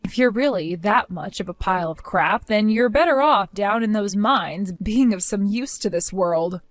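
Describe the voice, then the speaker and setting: Female narrator, mid-pitched, measured and unhurried, dry booth sound. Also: expressive, no room sound. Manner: cool, measured and matter-of-fact. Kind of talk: scripted story narration.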